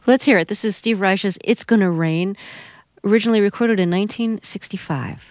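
A woman hosting a radio interview, asking measured, curious questions. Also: mid-range voice, a little mellow, no room sound, clean studio sound.

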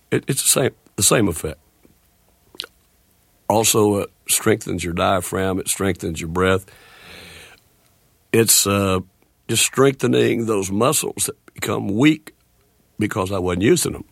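Gravelly halting man in his sixties. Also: on the low side, no echo, studio quality. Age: 60s. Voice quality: gravelly, with a speech disorder. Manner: halting, with restarts and slow deliberate phrasing. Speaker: guest, country singer. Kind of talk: radio interview.

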